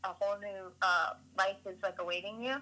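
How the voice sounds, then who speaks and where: A woman's voice: medium pitch, fairly even intonation, a little fast, crowd noise. A woman guest on a podcast, chatting casually and laughing easily. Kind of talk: casual chat. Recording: tinny phone line.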